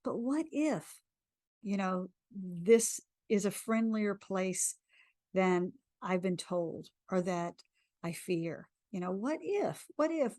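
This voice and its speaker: A middle-aged woman coaching a tapping session, speaking slow soothing affirmations and then chatting casually on a live stream. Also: medium pitch, darkish tone, dry recording, studio quality. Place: live video stream at home.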